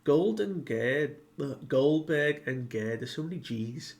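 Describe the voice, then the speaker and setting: Slow, rambling casual man. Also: a little high, lively intonation, darkish tone. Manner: rambling, heavy use of "like", paraphrases characters. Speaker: manga reviewer. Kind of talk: casual chapter recap.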